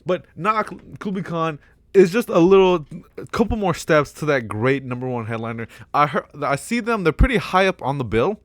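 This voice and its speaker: A young man rambling casually as a vlogger, excitable, swearing a lot and laughing often between remarks. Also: on the high side, normal speed, dry recording.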